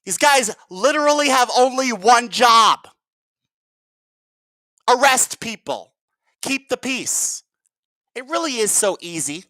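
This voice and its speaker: A man's voice: very high voice, expressive, slow, long pauses, sharp tone, no echo. A man ranting in a heated, profane vlog commentary and calling his viewers "guys". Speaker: video commentator.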